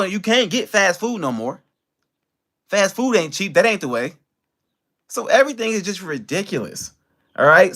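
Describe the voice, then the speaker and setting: Brief: a high-voiced American man on a livestream, furious and profane, talking straight to his chat. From United States. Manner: heated and profane, with big swings in pitch and loudness. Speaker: livestream host. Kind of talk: angry livestream rant.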